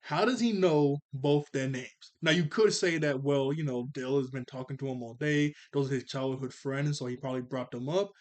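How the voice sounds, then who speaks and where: A young man reviews a cartoon episode in a relaxed, chatty way, laughing often and sounding playful. He gets animated as he makes his points. His voice is fairly high and he talks at a normal speed with few pauses.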